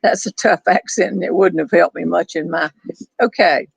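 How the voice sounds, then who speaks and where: A woman's voice: fairly low pitch, moderate pace, gravelly, slightly rough, no room sound, rough recording. Wry older woman chatting on a porch. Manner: chatty, wry, laughs easily. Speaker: storyteller host reading viewer questions. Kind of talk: casual chat with a friend. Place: outdoors on a back porch.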